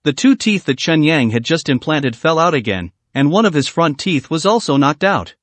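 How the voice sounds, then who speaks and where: A man narrating a translated fantasy novel as an audiobook, in an even, steady storytelling manner. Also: fairly high pitch, moderate pace, dry recording.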